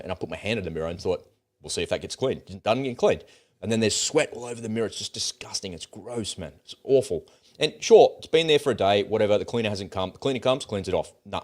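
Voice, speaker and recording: Blunt man telling a story. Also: fairly low pitch. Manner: blunt, animated storytelling with swearing. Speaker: host of political commentary channel. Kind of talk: casual opinionated monologue.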